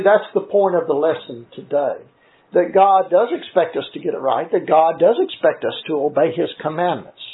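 A high-pitched male preacher delivering a sermon, measured and earnest as he works through scripture. The sound is thin and tinny, like it came over a phone line. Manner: measured, earnest teaching with frequent scripture citations.

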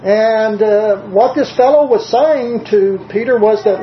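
A preacher with a Southern US accent giving a sermon in a measured, conversational way, slowing down to stress quoted scripture. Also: medium pitch, a little hiss or hum. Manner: conversational asides with frequent "uh" fillers. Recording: roomy, dull lo-fi recording.

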